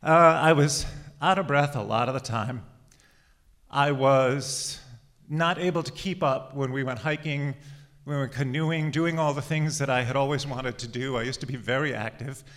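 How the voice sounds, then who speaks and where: A man's voice: mid-range voice, a bit bright. A man in his forties, slightly out of breath, telling his life story in a conversational way. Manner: conversational storytelling with laughs and pauses. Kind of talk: personal life story told to an audience.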